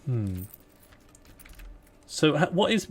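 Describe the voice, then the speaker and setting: A man's voice: fairly high pitch, extremely slow, vocal fry. Man streaming a strategy game. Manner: relaxed, jokey, thinking aloud while playing. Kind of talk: casual live-stream chat.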